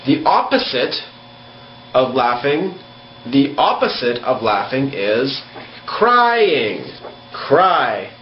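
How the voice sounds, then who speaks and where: A man teaching a slow beginner English lesson. He spells words out letter by letter and acts out laughing and crying. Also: a little high. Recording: echoey, dull room with faint hum.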